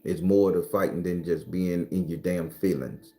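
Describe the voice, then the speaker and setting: A man hosting a casual livestream, talking loosely, cursing freely and answering viewer comments, sometimes breaking into loud, high ranting. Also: flat delivery, normal speed, faint music behind. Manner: swings into loud, high-pitched ranting at times. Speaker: livestream host.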